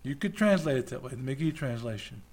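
A man with a drawl preaching a sermon and praying in church, fervent, swinging from loud outbursts to quiet asides. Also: mid-range voice, lively intonation, brisk. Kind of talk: sermon and closing prayer. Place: church with online stream.

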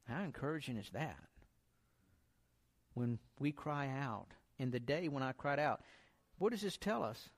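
A man giving an informal sermon, talking in a relaxed, encouraging way and reading scripture aloud. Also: medium pitch, measured pace. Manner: conversational, encouraging, repeats himself, reads scripture aloud. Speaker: preacher.

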